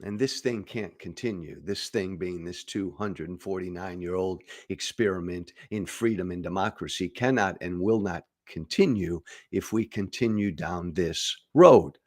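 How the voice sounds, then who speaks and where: A middle-aged man delivers direct-to-camera political commentary as a show host, speaking emphatically with repeated phrases and stammered restarts. His voice is deep, his pace moderate with few pauses.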